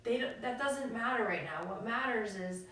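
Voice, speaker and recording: A woman with a fairly high voice tells stories in an animated way, acting out what others said. She is a coach co-hosting a relaxed conversation. The sound is roomy and very echoey, from a mic set well back, with faint noise. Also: normal speed, recorded from a distance. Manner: animated storyteller, acts out quotes. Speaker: podcast co-host and coach. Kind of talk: casual conversation.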